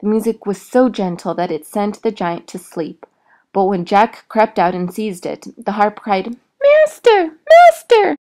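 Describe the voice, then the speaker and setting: A woman reading a fairy tale aloud in a clear, expressive storytelling manner. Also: mid-range voice, normal speed.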